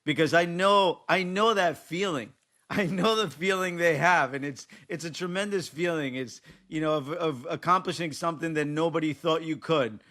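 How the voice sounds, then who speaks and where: High, bright-voiced man telling stories. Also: normal speed. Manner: laughing often while telling old stories. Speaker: former national team player and analyst. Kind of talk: casual podcast conversation.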